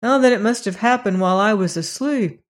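A reader voicing a cheerful young farm boy in an audiobook, slightly higher and brighter than the narration. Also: a little fast, natural voice. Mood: cheery. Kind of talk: audiobook character reading.

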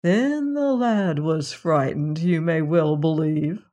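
Slow, measured fairy-tale storyteller. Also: medium pitch, mellow.

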